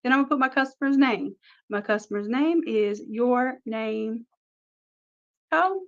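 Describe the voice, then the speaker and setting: A woman leads a screen-recorded design lesson, talking through every click in an upbeat, practical way. Her voice sits a little high. The recording sounds dull and lo-fi. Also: a little slow. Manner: upbeat, talks through each click step by step. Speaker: design instructor. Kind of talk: screen-recorded software tutorial.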